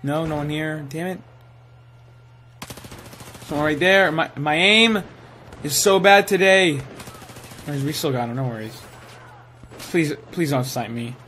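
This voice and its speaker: A young man giving live commentary while playing a shooter game, excitable and swearing, sometimes saying he is tired. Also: on the high side, a little slow, pauses often, a little hiss or hum. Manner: excitable, swears, yells at kills. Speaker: gaming streamer.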